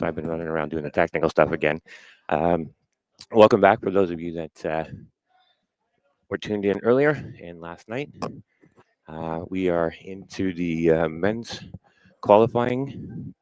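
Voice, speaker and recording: A man commentating a curling game, chatty and relaxed, with fillers and a slight breathlessness. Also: deep voice, normal speed, dry recording, poor audio. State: a little out of breath. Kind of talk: play-by-play sports commentary.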